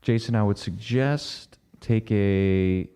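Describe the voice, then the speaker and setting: Low, mellow-voiced man co-hosting. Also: takes it slowly, clear, resonant tone. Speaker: podcast co-host. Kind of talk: casual podcast chat.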